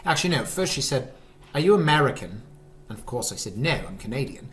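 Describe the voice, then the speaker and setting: A man putting on a fake British accent, halting and jokey. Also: medium pitch, big pitch swings, fairly bright tone. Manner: hesitant, full of ums and self-mocking asides.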